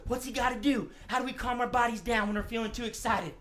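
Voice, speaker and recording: A man's voice: high voice, animated, quick pace, hardly any pauses. A man hosting a live-streamed children's music show, upbeat and chatty as he talks straight to the young viewers. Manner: upbeat, chatty, addresses the kids directly. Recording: echoey room with music.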